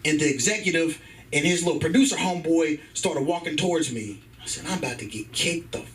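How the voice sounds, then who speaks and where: A man's voice: on the high side, a little fast. A man doing a profane stand-up set at an open mic, telling a story and voicing the people in it, with a sore throat. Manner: profane, animated storytelling with voiced characters. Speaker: stand-up comedian. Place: comedy club stage. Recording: distant room mic with background noise.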